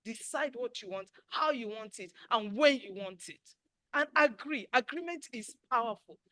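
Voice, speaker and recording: A woman in her sixties delivering a motivational webinar talk with preachy emphasis. Her voice is bright and sits a little high, sometimes sinking toward a hush. It comes over a video call in a dry, close sound. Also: expressive, moderate pace, dry recording, rough recording. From Nigeria. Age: 60s. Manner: preachy, emphatic, drops to near whisper at times. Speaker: webinar host and life coach.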